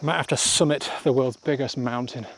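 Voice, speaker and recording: A man's voice: medium pitch, steady tone, fairly quick, a little hiss or hum. A man talking to his camera while walking outdoors, self-deprecating and rambling, laughing often and a little out of breath. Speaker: travel vlogger. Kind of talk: casual walking vlog monologue. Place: outdoors on village paths.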